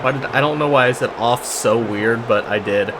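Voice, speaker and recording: A man's voice: medium pitch, normal speed, background noise. A man giving casual, sarcastic commentary over his own football video game, exasperated and talking through the plays as they happen. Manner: exasperated, sarcastic play-by-play with frequent restarts. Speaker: gaming YouTuber.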